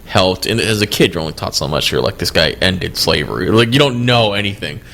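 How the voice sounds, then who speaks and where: A man's voice: low voice, animated, fairly quick, vocal fry, fairly bright tone. A man co-hosting a comedy podcast, talking casually with crude jokes and frequent laughter. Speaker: podcast co-host.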